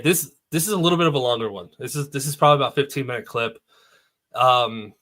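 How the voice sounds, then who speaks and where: A man's voice: medium pitch, pushed and bright. A man hosting a livestream, chatting casually and thanking supporters in a self-deprecating way. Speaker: livestream host. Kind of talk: casual chat.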